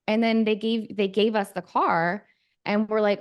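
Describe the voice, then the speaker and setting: A woman's voice: mid-range voice, fairly even intonation, clean tone. Chatty woman recounting a story. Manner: chatty, recounts a rant with quick asides. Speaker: podcast co-host. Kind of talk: casual podcast chat.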